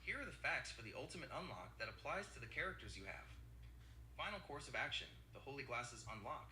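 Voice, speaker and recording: A synthetic male assistant voice speaking in an even, formal, apologetic way. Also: mid-range voice, fairly quick, roomy sound, slight background noise.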